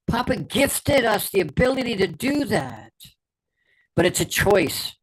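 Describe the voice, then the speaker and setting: A man's voice: high-pitched, sing-song, measured pace, slightly rough, low-quality recording. A middle-aged man hosting a podcast, giving a fervent motivational talk as a performance coach and repeating key words for emphasis.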